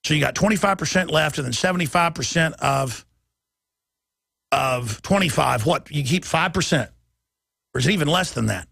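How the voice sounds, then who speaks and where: Gravelly, high-pitched ranting man. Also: animated, dry recording, clean studio sound. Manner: impassioned, shouting, rapid-fire ranting. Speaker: talk radio host. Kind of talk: ranting political talk show.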